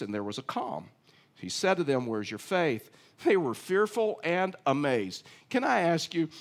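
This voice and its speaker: Conversational preacher, man, slightly high voice. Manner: conversational preaching, repeats words, asks the listeners questions. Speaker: pastor. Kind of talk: sermon.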